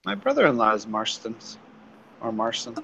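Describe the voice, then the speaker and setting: A man's voice: mid-range voice, sing-song, normal speed, creaky, bright, forceful tone, dull audio, slight background noise. A man co-hosting a casual beer chat, teasing and making crude jokes. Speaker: beer podcast co-host.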